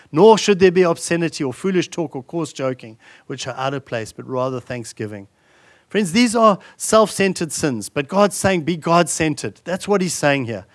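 A man's voice: fairly high pitch, dry recording, studio quality. Earnest man preaching with emphatic swells. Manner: earnest preaching, rising to emphatic repetitions, dropping soft and slow on solemn lines. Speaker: pastor. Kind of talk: sermon.

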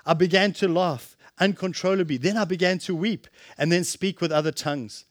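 A man preaching a sermon, impassioned, swinging from loud exclamations to hushed, earnest tones. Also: high voice, moderate pace.

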